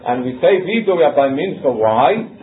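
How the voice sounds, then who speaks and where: A man's voice: fairly high pitch, very animated, normal speed. A man giving a religious law lesson in English, mixing in Hebrew and Yiddish terms and chanting the sources with an Ashkenazi Hebrew pronunciation. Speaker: Torah teacher. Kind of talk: halachic lesson. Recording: phone-line lesson recording with faint noise.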